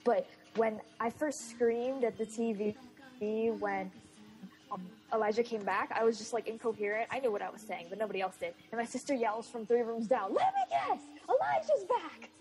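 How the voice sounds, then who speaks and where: Excitable young woman telling a fan story. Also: a little high, moderate pace, poor audio. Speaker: podcast co-host. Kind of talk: casual fan podcast chat.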